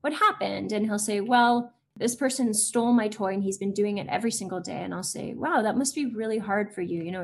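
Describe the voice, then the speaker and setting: A woman's voice: mid-range voice, a little fast, few pauses. A woman in her forties, an educator and interview guest, talking in a chatty way with many fillers and acting out the voices of children. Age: 40s. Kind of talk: casual interview chat.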